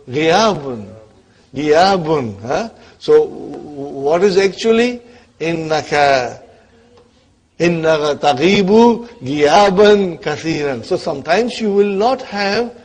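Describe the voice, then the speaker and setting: Checking in often and coaxing his students along, a man teaches Arabic grammar in a somewhat high, husky voice, his phrases dropping away quietly at the end.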